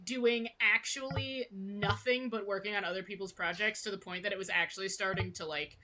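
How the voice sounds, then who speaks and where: A woman in casual chat, telling her experience in an animated way and acting out her own thoughts. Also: medium pitch, a little fast, background noise.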